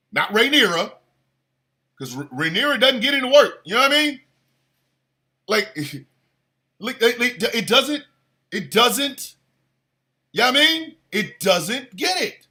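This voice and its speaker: Guy doing a goofy rant, bright sharp voice, swoops way up and down, breaks into shouts. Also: sits high. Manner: animated, exaggerated, bursts of shouting; crude, playful. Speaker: show host. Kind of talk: comedic rant.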